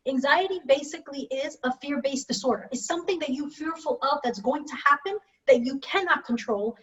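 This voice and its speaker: A woman mental health professional speaking on a video call panel, telling lively stories and acting out the voices she quotes. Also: sits high, fairly quick, recorded from a distance, lo-fi sound. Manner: animated storyteller, acts out quoted voices. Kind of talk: webinar panel talk.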